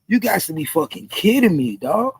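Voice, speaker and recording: A man doing heated livestream commentary, repeating himself in disbelief and often shouting. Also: high-pitched, very animated, normal speed, gravelly, breathy edge, dry recording. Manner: repetitive, incredulous, frequently shouting. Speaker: commentary streamer.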